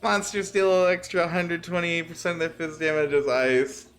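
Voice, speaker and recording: A man's voice: a little high, little pitch movement, normal speed, fairly bright tone, a little hiss or hum. A man streaming a game, chatting casually, swearing and laughing often. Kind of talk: casual gaming chat.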